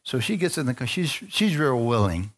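In a sing-song, mid-range voice at a moderate pace, a middle-aged man preaches his personal testimony. He tells the story by performing the dialogue himself and keeps asking the congregation for amens.

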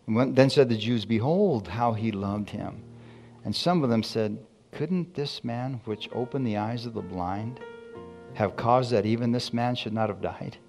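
A man preaching a sermon, reading scripture slowly and calling out to his congregation. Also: mid-range voice, darkish tone.

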